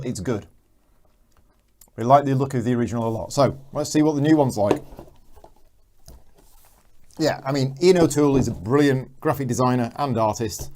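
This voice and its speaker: A man talks through a live board game unboxing in a relaxed, rambling way, answering viewers' comments as they come in. His voice is mellow and dark, and it sits at an ordinary middle pitch. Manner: chatty, reads viewer comments aloud. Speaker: board game channel host.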